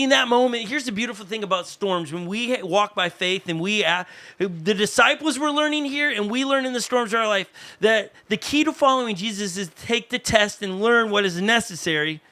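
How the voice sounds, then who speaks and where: A man delivers a sermon as pastor, his voice pitched high and bright with a forceful edge. He preaches in a conversational, animated way, turning to people in the room with quick asides.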